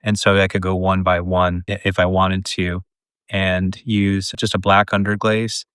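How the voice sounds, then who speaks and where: A man's voice: low-pitched, a little slow, clear, resonant tone, no echo. A middle-aged man in his pottery studio, casually talking through a glazing demonstration as he works. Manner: relaxed, chatty, talks while working. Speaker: pottery teacher.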